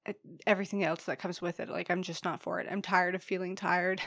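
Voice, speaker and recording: Woman, young adult, solo podcast host, chatty, candid, slightly husky, stuffy from a cold, dry close recording. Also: lowish voice, little pitch movement, brisk, a bit bright, no echo, highs cut off. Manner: chatty and candid, often says "you guys" and "like". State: has a head cold, stuffy nose.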